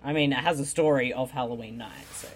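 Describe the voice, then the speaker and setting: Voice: mid-range voice, fast talker, a little hiss or hum. Dry wisecracking movie-riff co-host. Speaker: co-host riffing on a horror movie. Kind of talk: casual comedic movie commentary.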